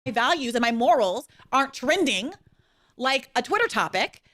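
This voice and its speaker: A woman's voice: high voice, sing-song, moderate pace, bright, forceful tone. A woman arguing in a heated political debate, talking in a passionate, emphatic way.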